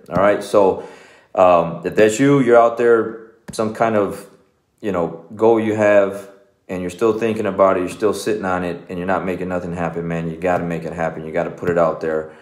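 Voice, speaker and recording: A man in his forties, a jiu-jitsu coach, giving a loose and conversational motivational talk with plenty of "man" and "you know.". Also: low-pitched. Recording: echoey room.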